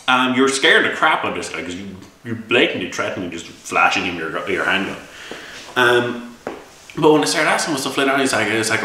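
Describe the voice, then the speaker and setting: Deep-voiced Irish man rambling. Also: very animated, a little fast, sharp tone. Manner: rambling, exasperated storytelling with many restarts. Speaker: game reviewer and game master. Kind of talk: casual spoken review. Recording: echoey room, mic set far off.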